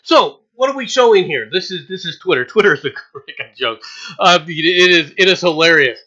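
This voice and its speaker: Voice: medium pitch, animated, normal speed, bright, forceful tone, dull audio. A political commentator ranting in a sarcastic, mocking way, hammering points home with repetition and scornful laughter. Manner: emphatic, repeats points over and over.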